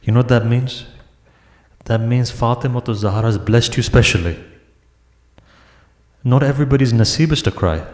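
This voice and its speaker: A male preacher delivers an emotional mourning sermon in a large prayer hall. His voice sits at an ordinary middle pitch and swells into impassioned, wailing delivery. The hall's echo rings around every phrase. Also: moderate pace, long pauses, darkish tone. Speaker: majlis speaker. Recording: echoey hall.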